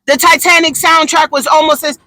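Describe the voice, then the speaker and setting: Loud dramatic woman ranting and cussing, bright sharp voice, super dry sound. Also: high-pitched, steady tone, brisk, dry recording. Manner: loud, indignant, theatrical, swears a lot. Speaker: vlogger. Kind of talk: comedic profane rant.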